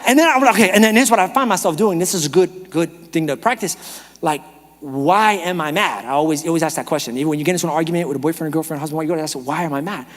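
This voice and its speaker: Animated high-voiced pastor preaching. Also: male voice, very fast. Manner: animated, humorous storytelling, shifts from shouting to whispering. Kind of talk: sermon. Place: church auditorium. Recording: reverberant church hall.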